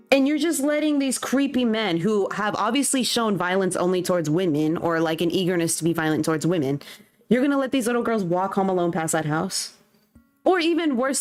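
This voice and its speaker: Young woman streamer, blunt ranting chat, mid pitch, light music underneath. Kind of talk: casual livestream chat. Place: home. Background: faint background music.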